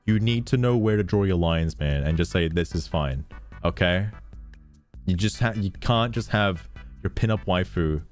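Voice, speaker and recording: A man's voice: deep voice, moderate pace, faint music behind. A man streaming, reacting to a video with sarcastic, profane commentary and frequent laughter. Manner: sarcastic, swears often, laughs a lot.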